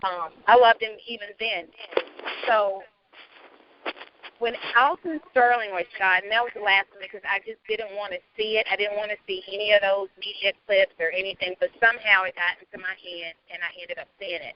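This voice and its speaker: A woman in her thirties, a guest asking questions, gives an earnest, halting, emotional personal testimony while speaking on a call from her car. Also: mid-range voice, fairly even intonation, highs cut off, slight background noise. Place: in a moving car. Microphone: phone or call audio while driving.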